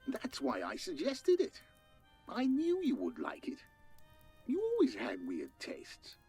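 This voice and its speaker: A woman voicing a cheerful older male scientist uncle on the phone, with a breathy voice. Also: high voice, huge pitch swings, takes it slowly, mellow, soft background music, heavily acted. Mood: teasing.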